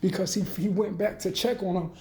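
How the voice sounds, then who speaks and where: Man ranting a rambling, profane monologue; mellow, low-lit tone, recorded in a roomy echo. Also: steady tone, a little hiss or hum. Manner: profane, loose, rambling, talks fast then trails off.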